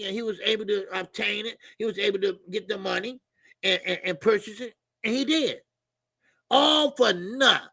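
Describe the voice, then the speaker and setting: A man hosting a boxing commentary stream, ranting in a loud, animated, profane way with frequent shouting and asides. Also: high voice, vocal fry, no room sound, studio quality. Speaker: boxing commentary channel host.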